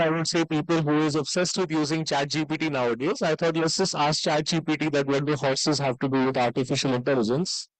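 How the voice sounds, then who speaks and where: A man's voice: a little high, dry recording, low-quality recording. A man giving a conference keynote, conversational, with frequent "right?" tags and "uh" fillers. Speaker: conference speaker. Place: conference hall.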